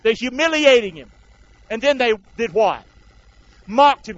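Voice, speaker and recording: A man's voice: high voice, moderate pace, long pauses. A male preacher, delivering a sermon in call-and-response style and acting out the crowd and soldiers. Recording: dull lo-fi sound.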